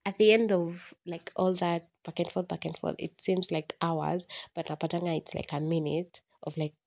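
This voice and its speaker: Woman, solo podcast host; low, husky, gravelly voice; candid, self-mocking confessional ramble. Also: little pitch movement, moderate pace, darkish tone.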